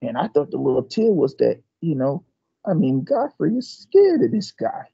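An older man, a martial arts master, telling a story in an interview, animated and stumbling over repeated words. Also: on the high side, moderate pace, vocal fry, husky, no echo, highs cut off.

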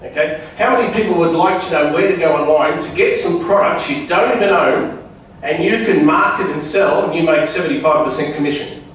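A man's voice: fairly high pitch, brisk, a little hiss or hum. Man talking in an echoey hall. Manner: chatty, quizzes the audience with questions. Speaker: guest speaker at a club meeting. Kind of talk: informal seminar talk to a live audience. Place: meeting room at a club. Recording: echoey room, distant mic.

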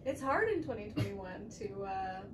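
A woman's voice: medium pitch, very animated, normal speed. Woman speaking from far off in an echoey room. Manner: hesitant, laughs often. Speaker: interviewer. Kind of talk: casual conversation. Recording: distant mic in an echoey, noisy room.

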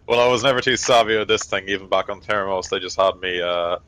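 A man's voice: low-pitched, fast, fairly bright tone, no room sound, rough recording. A man voicing a sardonic, grinning male crew officer who speaks in dry, teasing asides.

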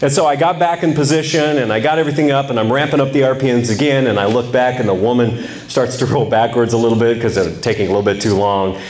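A middle-aged man telling a humorous personal story to a men's group, with lively, animated delivery. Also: medium pitch, quick pace. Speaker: speaker at a men's ministry event. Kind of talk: storytelling talk.

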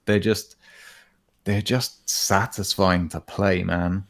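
Brief: laid-back male co-host with a lowish voice, rambling casual gaming talk. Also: slow pace. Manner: relaxed, rambling, lots of fillers and "man", "bro". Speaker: podcast co-host.

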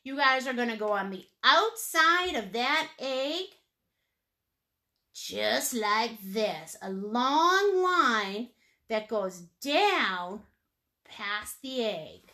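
Playful high-voiced painting teacher woman. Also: big pitch swings, extremely slow, sharp tone. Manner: playful, sing-song asides and little hums. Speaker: painting instructor. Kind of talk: live painting lesson, step-by-step instructions.

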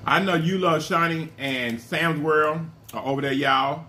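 Eating for his vlog audience, this man jokes around between mouthfuls, addressing viewers as "y'all" and pausing to chew. His voice is fairly high and sharp-toned, and a little hiss or hum sits in the recording.

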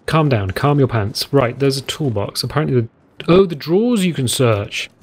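A man's voice: mid-range voice, expressive, moderate pace, slightly rough. A man giving casual, jokey commentary while playing a survival game, rambling through side remarks. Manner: chatty, jokey, rambling asides. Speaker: let's play host.

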